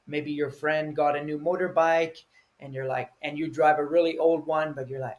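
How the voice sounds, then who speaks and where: A man's voice: on the high side, flat delivery, moderate pace. A man teaching English vocabulary, explaining each word patiently and acting out short example feelings.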